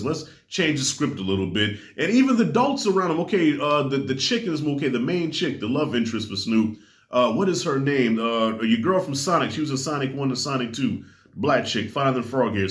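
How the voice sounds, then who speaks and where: A middle-aged man giving a casual spoken movie review, talking in an animated way and acting out the people he quotes. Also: a little high. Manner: animated, acts out quoted voices. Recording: roomy echo.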